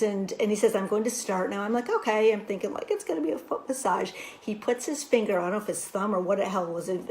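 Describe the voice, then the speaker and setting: A woman teaching a wellness workshop, telling a personal story in an animated way with lots of "you know" fillers. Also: mid-range voice.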